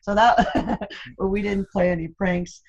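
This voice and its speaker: An older woman, a guest in a candid interview, who tells stories with animated, teasing humor and laughs often. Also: medium pitch, measured pace, gravelly, dull audio. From United States, Cuban American family.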